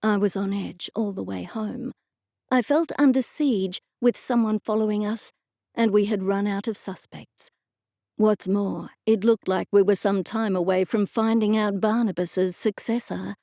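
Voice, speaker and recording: A woman narrates an audiobook in a steady, first-person storytelling manner. Her mid-range voice has a gravelly edge, and the recording is dry and close. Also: medium pitch, unhurried, no echo. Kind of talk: scripted narration.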